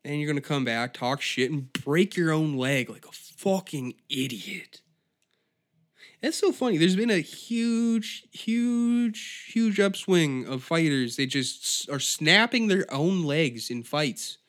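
A man's voice: on the high side, takes it slowly, a bit bright. Profane, rambling man ranting solo. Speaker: podcast host. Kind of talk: solo comedic rant.

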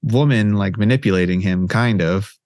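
Male co-host, drawn-out emphatic remarks, casual podcast tone; dry mic. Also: on the low side, darkish tone, no room sound. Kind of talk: casual film discussion.

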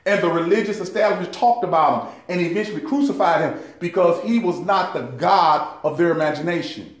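A man's voice: high-pitched, fairly quick, roomy sound. A man teaching a Bible study in an impassioned preaching style, calling his listeners saints. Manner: impassioned, addresses listeners as saints, rises in fervor.

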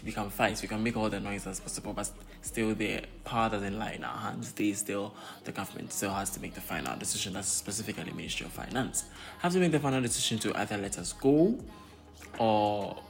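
A man's voice: lowish voice, vocal fry. A young man with a Ghanaian accent, venting in a casual vlog, exasperated and repeating himself with many fillers. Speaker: pharmacy graduate vlogger.

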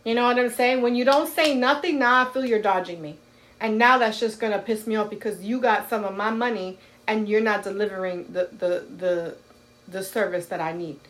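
A woman's voice: medium pitch, a little fast. A woman co-hosting a podcast, ranting bluntly and profanely in casual chat. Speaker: podcast co-host.

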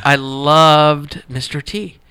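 A man's voice: on the high side, steady tone, slow, sharp tone, clean tone, no echo. A man who is a podcast guest, telling a story casually and with animation, packed with fillers.

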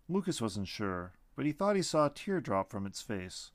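A man narrating a storybook in an expressive, animated reading. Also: mid-range voice, normal speed, hardly any pauses, no echo.

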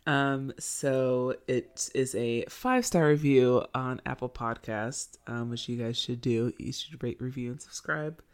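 A woman's voice: rumbling low, measured pace, hardly any pauses, clean tone. A young woman co-hosting a podcast, chatting casually in a rambling way with frequent hesitations and giggles. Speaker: podcast co-host. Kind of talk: casual chat.

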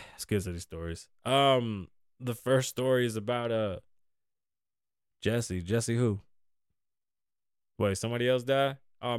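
A young male podcast host rants his way through the week's news, swearing freely and slipping into mocking asides. His voice sits at an ordinary middle pitch and is recorded close and dry with no room sound. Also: smooth, no room sound. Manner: profane, rambling, sarcastic rants with mocking asides. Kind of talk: casual news commentary podcast.

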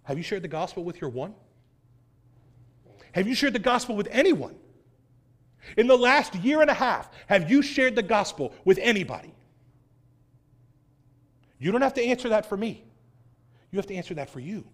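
A man with a high voice preaches a sermon to his church. He is earnest and sways between loud, pressed stresses and hushed, low phrases. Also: sing-song, moderate pace, pauses often. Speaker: pastor.

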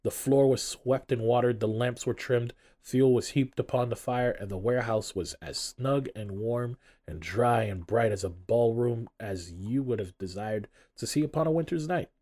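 Mellow-voiced male storyteller. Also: mid-range voice, moderate pace, few pauses. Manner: expressive storytelling. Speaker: narrator. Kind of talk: audiobook narration.

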